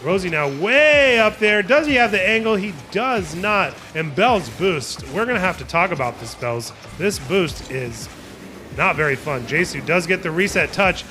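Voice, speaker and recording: A man's voice: high-pitched, expressive, normal speed, pushed and bright. A young man casting a live video game match with playful, jokey play-by-play over background music. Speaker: esports caster.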